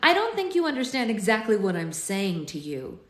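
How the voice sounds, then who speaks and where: Woman reading a quietly threatening villainess, calm and cold, in a roomy room. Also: medium pitch, normal speed. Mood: cold menacing. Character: cold menacing female time-traveling villainess. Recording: roomy echo.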